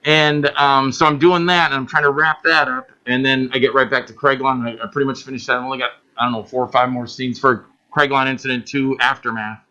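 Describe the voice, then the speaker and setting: Animated, bright-voiced man telling stories. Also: medium pitch, fairly quick, few pauses. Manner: animated storyteller, acts out quotes, swears. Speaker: guest filmmaker. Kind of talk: casual interview chat.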